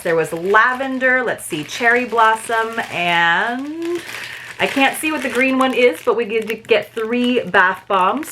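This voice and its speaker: A woman's voice: medium pitch, bright, forceful tone, a little hiss or hum. A woman reviewing a subscription book box in a chatty, casual way, laughing at herself and reading excerpts aloud. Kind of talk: casual review vlog with read-aloud passages.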